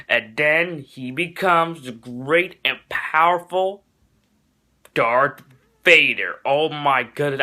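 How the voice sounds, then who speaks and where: An excitable teenage boy talks through a film review with a bright, forceful edge to his voice. His pitch sits a little high for a young man. He gushes over what he loves and turns mockingly sarcastic about what he doesn't. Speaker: movie reviewer. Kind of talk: casual spoken film review.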